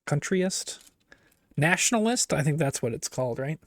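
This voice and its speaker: A man chatting casually on a livestream while he builds, in rambling, self-mocking asides. His voice sits a touch high for a man and is recorded dry, with no room sound. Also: lively intonation, moderate pace, no room sound. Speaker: streamer.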